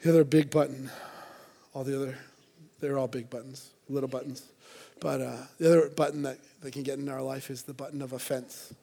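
A man's voice: medium pitch, little pitch movement, brisk, creaky, mellow. A man preaching a sermon to a church congregation, earnest and conversational, with playful asides. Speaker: pastor.

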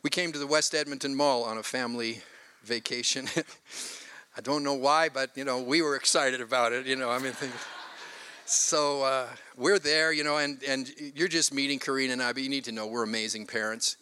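An older man from Canada, a pastor preaching a sermon with animated, self-mocking stories. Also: mid-range voice, moderate pace, clean tone. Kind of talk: sermon with storytelling.

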